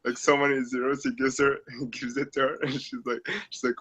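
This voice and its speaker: Bright-voiced man telling a funny story. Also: medium pitch, fast talker, husky. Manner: animated storyteller, acts out quotes, laughs often. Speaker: collector in group chat.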